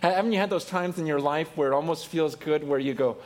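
Male pastor, slightly higher voice, casual preaching with restarts and repeated words. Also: fast. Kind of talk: sermon.

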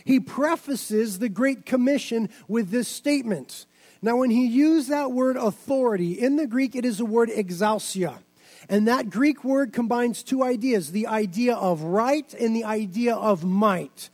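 A man with a strikingly high voice delivers a sermon from the pulpit. He preaches with emphatic force and sometimes rises to an excited shout. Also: a little slow. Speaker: pastor.

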